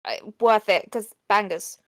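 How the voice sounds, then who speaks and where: A woman's voice: medium pitch, a little slow, no echo, clean studio sound. A woman co-hosting a podcast in casual chat, chiming in with short slangy comments. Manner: brief slangy interjections. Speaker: podcast co-host.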